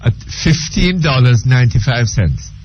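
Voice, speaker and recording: A man hosting a call-in radio show, unhurried and hesitant with many ums. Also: medium pitch, very animated, slight background noise. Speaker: radio talk show host. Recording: dull lo-fi radio broadcast.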